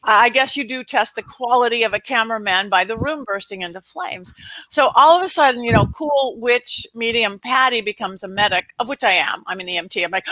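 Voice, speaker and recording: A woman's voice: a little high, brisk, dry recording, poor audio. A woman who works as a spirit medium, telling a dramatic story as an interview guest and acting out the lines of the people in it. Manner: animated, dramatic storyteller who acts out quotes.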